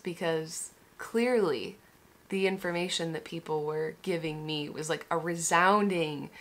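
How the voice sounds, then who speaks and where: Vlogger, young woman, slightly low voice; candid, swears, trips over her words. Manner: candid, swears, many restarts and "like". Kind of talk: emotional personal story vlog.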